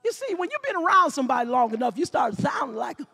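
Woman pastor, high voice, acts out the story, shouts at the peaks. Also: quick pace, creaky, slightly rough. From Mississippi. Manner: animated preaching, acting out scenes, shouting. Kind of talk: sermon.

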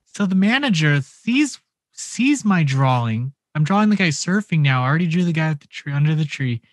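A young man on a podcast, telling a story in a lively, animated way, swearing and acting out the quotes. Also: on the high side, a little fast, no echo, clean studio sound. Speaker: podcast co-host. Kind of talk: casual podcast chat.

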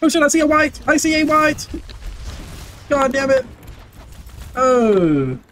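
A man giving loud, excitable gameplay commentary, full of brash trash talk, swearing and repeated barked commands. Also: very high voice, slow pace, slight background noise. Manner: barks repeated commands and chants. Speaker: gaming video creator.

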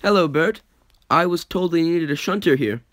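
A man's voice: a little high, normal speed, a bit bright, no room sound, pitched above the performer's own voice, natural voice. A man voicing an eager, polite young engine who is keen to work. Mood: glum. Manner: polite, keen, a bit pleading.

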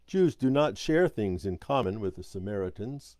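A man leading a Sabbath School class, reading a scripture passage aloud in a measured way and stopping to explain it, now and then correcting his own slips. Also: lowish voice, expressive, darkish tone, dry recording.

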